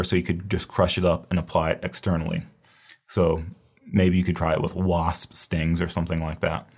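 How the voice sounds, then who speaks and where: A man's voice: sits low, a little mellow. A man giving a casual, explanatory recorded lecture on herbal medicine, repeating key terms as he goes.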